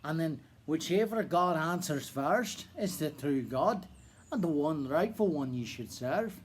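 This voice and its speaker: Bold taunting prophet with a fake irish lilt, a guy putting it on, slow and drawn out, jumps up high to mock. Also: expressive, slight background noise. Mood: calm. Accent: put-on Irish. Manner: taunting, loud and high when mocking. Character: Elijah, bold mocking male prophet.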